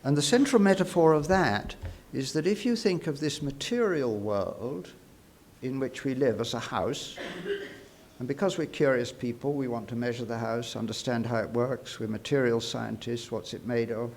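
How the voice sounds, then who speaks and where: A man giving a prepared speech into a microphone at a university congress, measured and reflective, with frequent "uh" fillers. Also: medium pitch, a little mellow, a little hiss or hum. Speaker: award-winning speaker at an academic congress. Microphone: speaking into a podium microphone.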